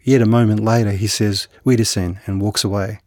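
A man's voice: on the low side, steady tone, darkish tone, no echo, studio quality. A man, a novelist, talking hesitantly in an interview with many restarts, then reading from his book. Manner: hesitant, halting with restarts and fillers. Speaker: novelist guest.

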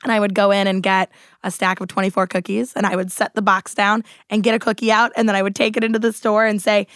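A woman hosting a casual radio talk show from a studio, upbeat and quick to laugh. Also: medium pitch, level tone, fairly bright tone, no echo. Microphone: studio microphone.

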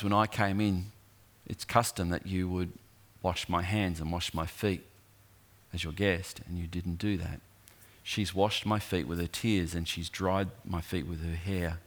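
A middle-aged man delivers a sermon in a fairly low voice. He tells the story slowly, then builds in intensity, leaning on long pauses for weight. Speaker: preacher.

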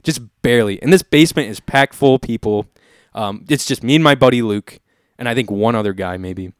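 A man's voice: mid-range voice, brisk, dry recording, studio quality. A man in his twenties hosting a podcast, telling a party story in a laid-back way, swearing freely and using lots of filler words. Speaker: podcast host. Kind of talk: casual storytelling chat.

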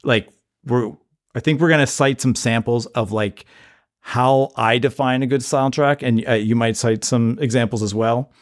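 A man co-hosting a podcast in casual chat, halting with many restarts. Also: mid-range voice, steady tone. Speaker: podcast co-host.

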